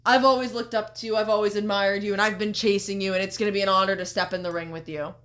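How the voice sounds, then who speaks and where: A woman quoting an earnest, respectful male wrestler who speaks in a flattering way. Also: medium pitch, quick pace, lightly acted.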